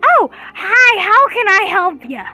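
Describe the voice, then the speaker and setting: A woman's voice: sing-song, takes it slowly, bright, forceful tone, faint music behind, full character voice. A woman voicing an old, wily and forgetful shopkeeper woman who twitches and loses her train of thought. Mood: dotty. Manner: shrill, sing-song and folksy, forgetting mid-sentence. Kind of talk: tabletop role-play voice.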